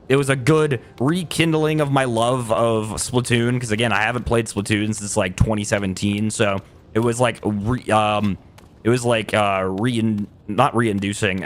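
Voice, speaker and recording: A man chatting casually on a gaming livestream, rambling, correcting himself mid-sentence and laughing between thoughts. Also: on the low side. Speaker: streamer.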